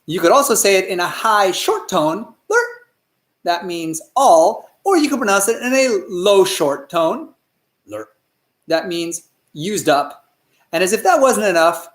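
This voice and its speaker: A male storyteller narrating a children's story in an animated way and often asking the listeners questions. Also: high voice, reverberant.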